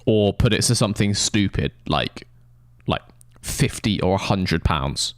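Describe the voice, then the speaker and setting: A young Englishman with a lowish voice rambles to his stream chat in sweary, mock-outraged banter. His pitch swings widely as he riffs, and the sound is dry and close with no room around it. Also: animated, unhurried, no echo. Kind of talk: casual live-stream chat to viewers.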